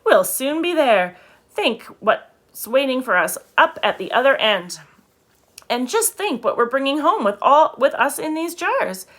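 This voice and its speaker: A clever fox father talks brisk and upbeat, rallying his family, as a woman reads him. The voice is bright with lively swings. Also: sits high, voice pushed up, heavily acted.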